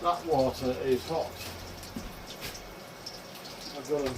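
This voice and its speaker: A cooking vlogger with a mid-range, slightly slow voice chats casually with his viewers, whom he calls folks, while cooking in his home kitchen. A sizzling pan and running tap water can be heard behind him.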